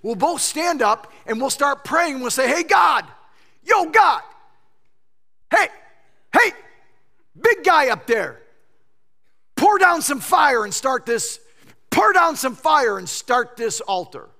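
A man's voice: extremely high pitch, normal speed, few pauses, sharp tone, shouting, voice pushed up. A man playing a brash, snarky prophet. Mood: bold. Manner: brash, taunting. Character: bold, snarky, confident male prophet. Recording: long church-hall reverb.

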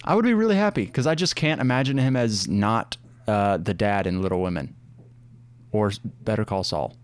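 A man's voice: lowish voice, animated, moderate pace. A young man co-hosting a casual movie review chat, talking enthusiastically with many fillers.

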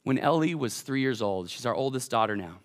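A young man preaching a sermon, telling a lively family story to the congregation. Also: medium pitch, brisk. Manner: animated, addresses the congregation as y'all. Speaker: college pastor.

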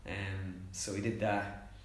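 A young Irish man chatting casually as a comedian guest, telling stories fast and acting out quotes. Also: deep voice, completely flat delivery, roomy sound. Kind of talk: casual chat.

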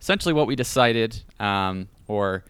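A man's voice: on the low side, animated, moderate pace, a bit bright, clear, resonant tone, no room sound. A young man hosting a casual podcast chat, easygoing and self-deprecating, often restarting his sentences. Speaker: podcast host.

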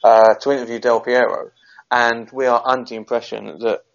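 A man's voice: medium pitch, little pitch movement, brisk, creaky, lo-fi sound. A man co-hosting a podcast, telling a long rambling football anecdote in casual chat. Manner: rambling storyteller, many restarts. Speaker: podcast co-host.

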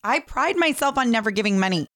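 A woman's voice: a little high, animated, quick pace, a bit bright, dry recording, clean studio sound. A woman hosting a casual conversation, speaking in a reflective way. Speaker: podcast host.

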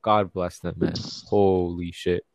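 A man's voice: sits low, level tone, slow pace, gravelly, a little mellow, dry recording, studio quality. A young man telling a rambling, profane, comic story in casual chat.

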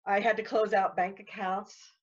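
A woman's voice: mid-range voice, little pitch movement, lo-fi sound. A woman guest telling her story in casual chat, rambling and repeating words. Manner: rambling, repeats words, talks fast when worked up.

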